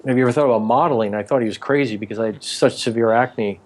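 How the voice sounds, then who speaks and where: A man in his forties tells long, rambling stories from his early acting days in a casual interview. He slips into the voices of the people he quotes. His voice sits at an everyday middle pitch. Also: quick pace. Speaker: actor and author, interview guest.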